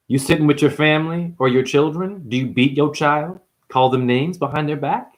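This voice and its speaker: A man's voice: on the high side, normal speed. A man hosting a numerology video, ranting to camera in a confrontational, preachy way and calling viewers honey. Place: apartment.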